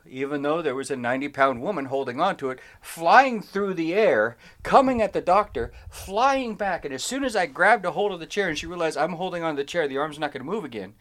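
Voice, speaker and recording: Man rambling through a long work story. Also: a little high. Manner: rambling, animated anecdote with self-interruptions. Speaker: podcast co-host telling a story. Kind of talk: casual storytelling chat.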